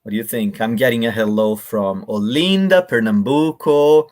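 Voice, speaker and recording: A man with a mid-range, slightly mellow voice speaks at normal speed while presenting a live online workshop. He addresses viewers directly and warmly, demonstrating intonations out loud as he teaches.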